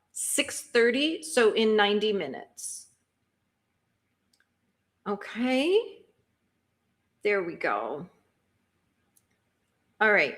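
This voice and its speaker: Woman, livestream host, chatty, rambling, bright voice, desk mic. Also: on the high side. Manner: chatty, rambling, reads chat aloud. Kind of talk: casual chat closing a stream.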